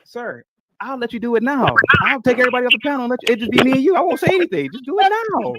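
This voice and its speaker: A man hosts a live-stream debate in a high, bright voice. He speaks quickly with a lively, swinging pitch and keeps pressing his guest with repeated demands. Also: very noisy. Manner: challenging, demanding, repeats himself. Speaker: show host.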